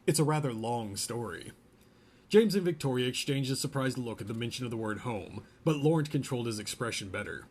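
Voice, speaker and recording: A man reading a novel chapter aloud in a relaxed way, stopping now and then to joke about the story. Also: mid-range voice, breathy edge. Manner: reads a novel aloud, breaks off for joking asides. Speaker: podcast host reading aloud. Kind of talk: casual read-aloud with asides.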